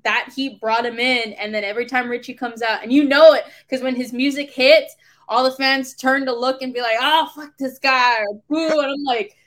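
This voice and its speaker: A woman's voice: high-pitched, fairly even intonation, a little fast. A woman chatting casually and enthusiastically on a podcast, using slang like "bro".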